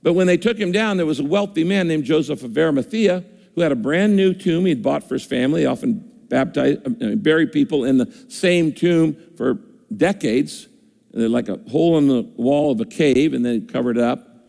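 A man's voice: fairly high pitch, normal speed, vocal fry, mellow. An older man preaching a sermon in a conversational way, voicing listeners' objections as he goes. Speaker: pastor. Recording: long reverb of a large hall.

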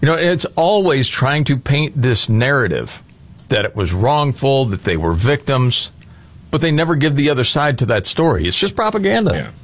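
Animated, blunt male talk host. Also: mid-range voice, normal speed. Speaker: podcast host. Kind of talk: casual political talk show.

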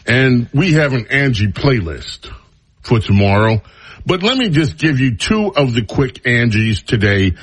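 A man's voice: medium pitch, unhurried, slightly rough. A male radio talk show host giving an opinionated, mocking monologue. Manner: mocking, drawling, animated.

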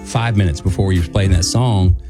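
With music in the background, a country singer guest co-hosting a radio show tells a story in a low, brisk voice. He's casual and animated, acting out quotes in a raised voice.

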